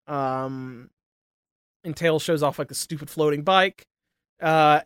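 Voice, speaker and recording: Brief: young male co-host, slightly high voice, close dry mic, profane animated rants. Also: clear, resonant tone, dry recording. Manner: animated ranting, heavy swearing, laughs often. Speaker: podcast co-host. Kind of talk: casual profane chat.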